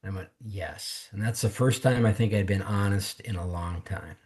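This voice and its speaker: A man's voice: fairly low pitch, moderate pace, a little mellow. A man, a podcast guest, candidly telling his personal testimony in conversation and acting out what others said to him. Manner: earnest, candid storytelling that mimics others' words. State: emotional, close to tears.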